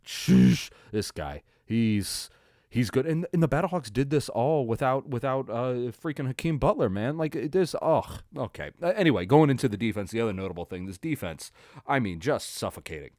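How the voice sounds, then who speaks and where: A young man hosting his own sports podcast, recapping a game in a rambling, excitable way with lots of fillers and restarts. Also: medium pitch, a little fast, no room sound, studio quality. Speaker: podcast host. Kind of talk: casual solo sports recap.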